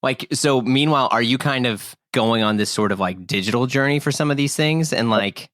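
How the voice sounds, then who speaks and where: A man's voice: mid-range voice, a little fast, fairly bright tone, no echo, studio quality. A man hosting a podcast, asking loose questions and reacting briefly. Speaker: podcast host. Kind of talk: casual chat.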